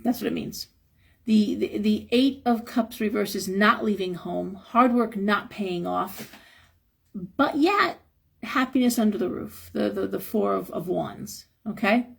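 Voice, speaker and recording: A hoarse woman reads tarot cards live with a gravelly, crackling edge to her voice. Her tone is husky and a little worn. She talks frankly, giving advice, with the odd chuckle. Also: medium pitch, measured pace. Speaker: tarot reader.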